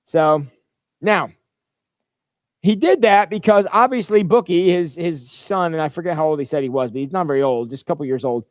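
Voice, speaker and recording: A man's voice: on the high side, moderate pace, no echo, studio quality. A man pastor giving an informal livestreamed church talk in a chatty, rambling way, stumbling and restarting often.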